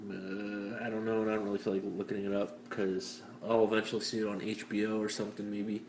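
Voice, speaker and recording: A young man from Canada hosts a laid-back podcast chat in a cynical, self-mocking way, wandering through his thoughts with lots of fillers. His voice sits in a middle pitch. The room is echoey, with a faint hiss underneath. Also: level tone, fairly quick, darkish tone. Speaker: podcast host. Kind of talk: casual chat.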